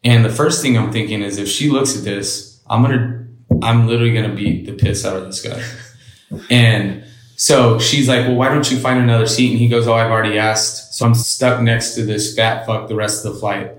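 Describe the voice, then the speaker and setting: A man with a lowish voice tells his story casually and bluntly, swearing freely and acting out what each person said. The room around him gives his voice a clear echo. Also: fairly even intonation, moderate pace. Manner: blunt and profane, retells with quoted dialogue. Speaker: interview guest.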